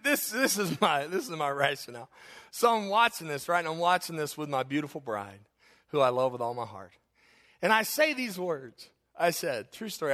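A man preaching, telling funny stories from the pulpit and laughing often at himself. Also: a little high. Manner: laughs often at his own stories, animated. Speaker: pastor. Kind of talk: humorous sermon storytelling.

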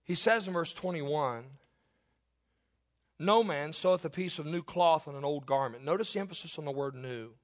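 Emphatic pastor preaching. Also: male voice, on the high side, normal speed. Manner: emphatic, rising to loud bursts. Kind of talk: sermon.

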